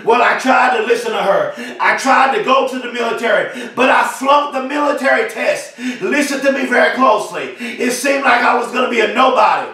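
A man giving a fiery, repetitive motivational speech, often shouting. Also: very high voice, a little fast, few pauses, heavy reverb, far from the mic. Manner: fiery, emphatic preaching cadence with repetition. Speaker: motivational speaker.

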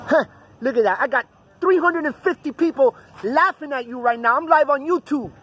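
A man's voice: extremely high pitch, brisk, fairly bright tone. A man livestreaming outdoors at night on his phone, arguing with a deputy in a profane, repetitive way. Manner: argumentative, profane, repeats himself. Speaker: cop-watching livestreamer. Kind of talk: confrontational livestream filming. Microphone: phone he films with.

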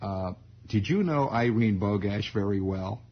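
A stern middle-aged father, as a man puts him on, pressing his son in a low, hushed, insistent voice. The tone is gravelly and husky. The recording sounds dull, like an old radio broadcast. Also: a little slow. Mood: coaxing. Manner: low, soft, insistent coaxing.

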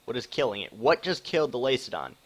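A young man from Wisconsin giving excitable live commentary on a hard survival game, swearing often and greeting chat viewers. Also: medium pitch, fast talker. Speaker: game streamer.

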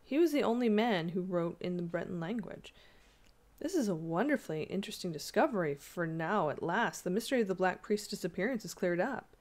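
A woman's voice: lowish voice, lively intonation, a little mellow, natural voice. A woman reading aloud, voicing a brash, skeptical young American man who scoffs at superstition. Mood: animated. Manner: scoffing, brisk. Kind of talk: audiobook reading.

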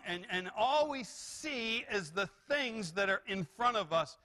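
Male pastor, sermon delivery; bright, slightly high voice, animated, restarts phrases. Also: unhurried. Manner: animated preaching with rises and repeated restarts. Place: church sanctuary.

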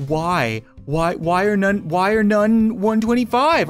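A woman giving comedic let's-play commentary, swinging between panicked squeals and dry sarcastic calm. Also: mid-range voice, takes it slowly, hardly any pauses, soft background music. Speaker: gaming video host.

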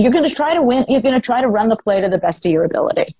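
A woman's voice: medium pitch, rapid-fire, few pauses, mellow, no room sound, low-quality recording. An older woman telling a story in a podcast interview, articulate and emphatic, speaking self-assuredly into a close mic. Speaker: guest, former sports executive.

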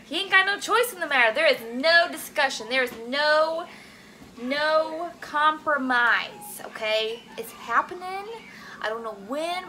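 A young woman talking casually while cooking at home, animated and swearing freely as she asks her viewers "okay?" all the time. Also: high voice, unhurried, music in the background, rough recording. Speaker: cooking vlogger. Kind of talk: casual chatty cooking vlog.

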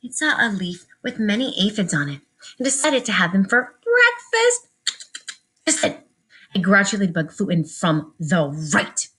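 A woman teaching preschoolers at circle time and reading a story aloud, animated and sing-song. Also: mid-range voice, husky, low-quality recording. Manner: slow, sing-song, animated for little kids.

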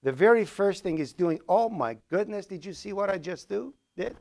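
A man's voice: sits high, lively intonation, normal speed, creaky, a little mellow. A man lecturing a class on programming as he codes live, with a Persian accent, thinking aloud and correcting himself as he goes. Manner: thinks aloud while coding, with fillers and self-corrections.

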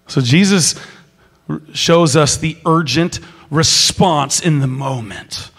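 Man, pastor, sermon, higher voice, long church reverb, animated delivery. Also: slow. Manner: animated, swings from loud exclaiming to soft whispering. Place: large church sanctuary.

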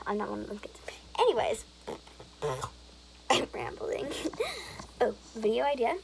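Young woman vlogger with a slightly high, vocal-fry voice, rambles and giggles. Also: darkish tone, a little hiss or hum, low-quality recording. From Alberta, Canada. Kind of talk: rambling casual vlog chat.

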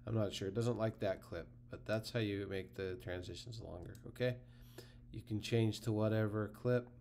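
A man hosting a casual software tutorial, talking through the steps relaxed and thinking aloud as he clicks. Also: lowish voice, normal speed, slight background noise. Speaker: tutorial host.

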